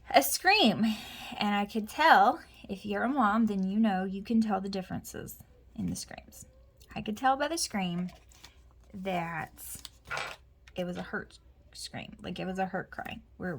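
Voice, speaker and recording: At home with her planner, a woman vlogger chats casually in a mid-range voice, with a bit of hiss or hum in the audio. Her story rambles, filled with asides and self-directed mutters.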